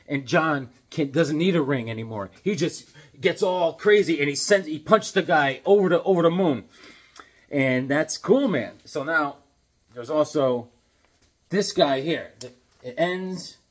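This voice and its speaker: A man's voice: medium pitch, expressive, unhurried, husky. A middle-aged man hosting a casual comic book review, rambling and often restarting his sentences. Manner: rambling, repeats and restarts himself. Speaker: comic book video host.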